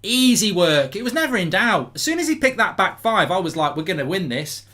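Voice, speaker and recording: Exuberant, bright-voiced English football host. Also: male voice, sits high, sing-song, brisk. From England. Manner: exuberant, chanting and singing between rants. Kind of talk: excited live match reaction.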